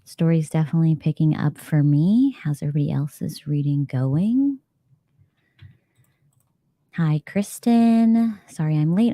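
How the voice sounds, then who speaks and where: A woman's voice: low-pitched, creaky, warm tone, no echo. A woman hosting a casual live reading stream, chatting to viewers and laughing often. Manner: chatty, reads chat comments aloud, laughs often. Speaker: livestream host.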